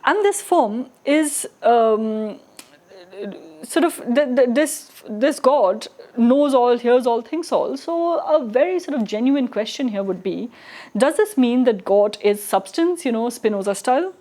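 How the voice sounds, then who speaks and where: A woman lecturing on philosophy in a loose, conversational way, often checking in with tag questions. Her voice sits a little high for a woman. She restarts phrases as she thinks aloud. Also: animated, unhurried, dark tone. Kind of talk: recorded lecture.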